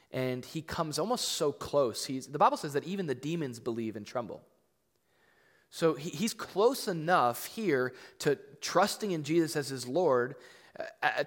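A man preaching a sermon, conversational but emphatic, acting out scripture readings with rising intensity. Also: mid-range voice. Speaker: pastor. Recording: long reverb of a large hall.

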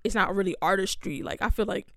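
A woman's voice: medium pitch, quick pace, gravelly, a bit bright, no room sound, studio quality. A woman co-hosting a casual chat podcast, talking hesitantly and searching for words. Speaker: podcast co-host.

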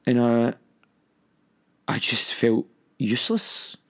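A man with a Scottish accent recounting a painful personal story in a halting, emotional way. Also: mid-range voice, level tone, a bit bright.

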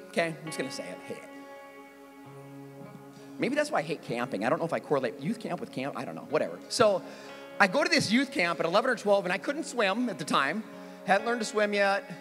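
A middle-aged pastor with a high voice preaches, telling a story with animated, self-mocking energy and breaking into squeals as he acts out his younger self. His voice carries through the long reverb of a large hall, with faint music underneath. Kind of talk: sermon with personal storytelling.

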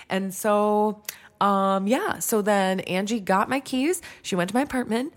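A woman's voice: mid-range voice, a little slow. A young woman telling a long personal story in casual chat, swearing freely and filling her talk with likes and ums. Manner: chatty, swears freely, lots of fillers and restarts.

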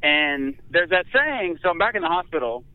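A man tells a personal story with candid, self-mocking humor, his voice sitting a little high for a man. The sound is thin and tinny, like a phone line, and quite dry. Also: sing-song, normal speed, smooth, no echo. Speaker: guest. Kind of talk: storytelling in casual conversation.

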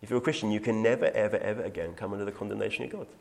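A man's voice: on the low side, steady tone, rapid-fire, vocal fry, darkish tone. A man teaching through a Bible passage in an earnest, emphatic way, quoting scripture and taking questions. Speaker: preacher.

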